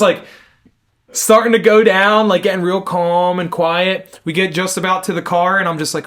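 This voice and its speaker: A man with a notably high voice co-hosts a relaxed podcast. He talks in an energetic, slangy way and keeps calling people dude as he tells a story. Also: normal speed. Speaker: podcast co-host. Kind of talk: casual chat.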